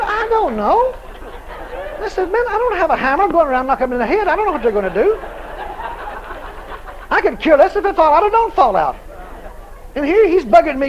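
Male preacher, very high and animated, storytelling sermon with acted-out dialogue, faint background noise. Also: lo-fi sound.

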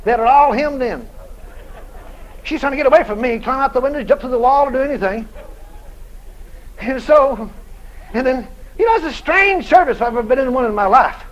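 Man, sermon storytelling, very high voice, swinging intonation, dramatic shouts. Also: fairly quick, long pauses, dull audio. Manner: animated, dramatic, bursts into shouting. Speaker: preacher.

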